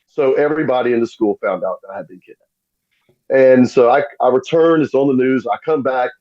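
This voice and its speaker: A man's voice: medium pitch, fairly quick, dull audio. A middle-aged man telling stories as a podcast guest and acting out the voices of the people in them. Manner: animated, acts out quoted voices. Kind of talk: casual storytelling.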